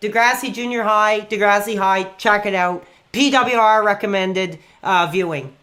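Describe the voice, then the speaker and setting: Bright-voiced, excitable male streamer. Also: high voice. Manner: excitable, rambling, quick to get worked up. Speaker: live streamer. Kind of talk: casual live-stream chat while gaming.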